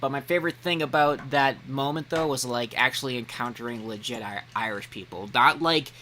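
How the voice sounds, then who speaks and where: A man hosting a casual podcast chat, an animated storyteller who breaks into loud mock voices. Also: medium pitch, fairly quick, a little hiss or hum. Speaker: podcast host.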